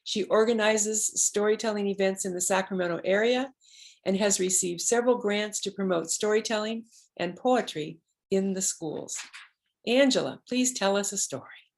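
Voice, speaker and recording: A woman host reading a formal introduction of a storyteller in a measured way. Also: mid-range voice, low-quality recording. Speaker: event host.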